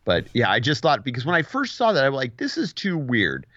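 A man's voice: mid-range voice, huge pitch swings, a little fast, pushed and bright, dry recording. A man in casual podcast chat, talking in an easy, agreeable, rambling way. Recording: dull, dry lo-fi audio.

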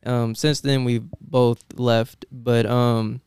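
Young male guest, smooth resonant voice, animated storyteller, dry close sound. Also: medium pitch, takes it slowly, dry recording. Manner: animated, laughing, many fillers and restarts. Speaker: guest, dental assistant. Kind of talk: casual storytelling interview.

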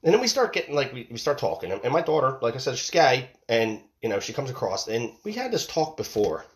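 With a mid-range voice, big pitch swings, and a quick pace, a forty-something father delivers a rambling, emphatic story about his family. It's a casual monologue peppered with swearing and repetition.

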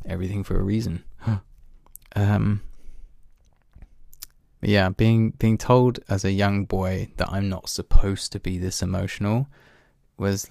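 A man's voice: on the low side, vocal fry, darkish tone, no echo, studio quality. A man talking in a casual, reflective monologue, candid and self-deprecating, swearing now and then and laughing at himself.

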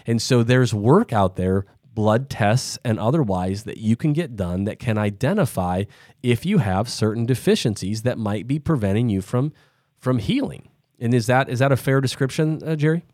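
A man's voice: medium pitch, expressive, moderate pace, a little mellow, dry recording, clean studio sound. A man from the US Midwest hosting a podcast interview, thinking aloud in long rambling sentences full of restarts. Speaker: podcast host. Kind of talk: casual interview chat.

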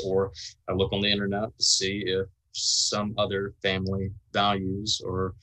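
A man voicing a quiet, reclusive male collector of family heirlooms who talks in a hesitant, halting way. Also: low voice, low-quality recording. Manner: hesitant, halting with many restarts.

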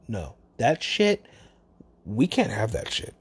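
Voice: mid-range voice, huge pitch swings, drawn-out words, long pauses, husky. A speaker, talking casually and bluntly about phone customer service work, with lots of swearing. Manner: blunt, profane, chatty. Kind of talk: casual monologue to camera.

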